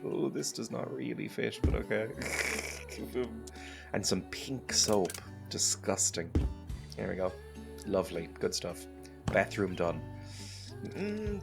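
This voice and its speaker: Gravelly, lively man chatting over gameplay. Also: lowish voice. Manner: rambling, laughs often, self-mocking asides. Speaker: gameplay video creator. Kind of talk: casual gameplay commentary. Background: background music.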